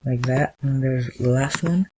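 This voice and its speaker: Man, mid-pitched, casual tutorial host who narrates his own clicks with lots of restarts. Faint hiss and keyboard typing underneath. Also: a little slow, a little mellow, rough recording. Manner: thinks aloud while clicking, with frequent restarts. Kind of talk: casual screen-recorded tutorial.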